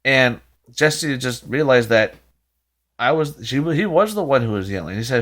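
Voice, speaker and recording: A man's voice: medium pitch, lively intonation, normal speed, a bit bright. A man hosting a reaction video, recapping and commenting in a rambling, exasperated way with frequent restarts and sighs.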